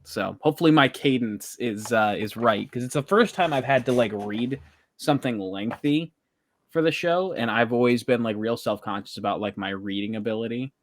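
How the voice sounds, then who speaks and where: A man co-hosting a podcast in casual chat, speaking in a halting, self-conscious way with many fillers. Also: medium pitch, slight background noise. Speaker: podcast co-host.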